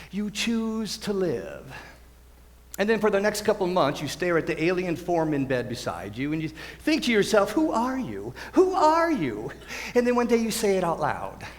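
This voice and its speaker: A lonely, wistful stage narrator, played by a young man, who rambles and interrupts himself as he confides in the audience. His voice sits high and swings widely in pitch. A long hall reverb hangs on every line. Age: teens. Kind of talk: high school stage musical. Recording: stage mic in a reverberant auditorium.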